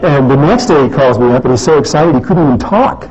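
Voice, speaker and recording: Speaking at medium pitch, fast and expressive, a man rambles through a story in a casual talk, full of fillers and restarts. A crowd sits in the background of this dull, lo-fi recording with faint noise.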